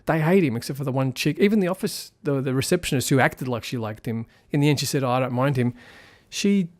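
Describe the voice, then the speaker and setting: A man's voice: on the high side, animated, quick pace. A man giving a casual spoken film review, rambling and critical as he thinks aloud.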